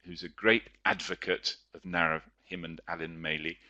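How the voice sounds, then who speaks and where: Low, bright-voiced male teacher. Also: level tone, moderate pace, dull audio. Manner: chatty, explanatory, with frequent fillers. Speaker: teacher and writer presenting a webinar. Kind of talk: webinar lecture.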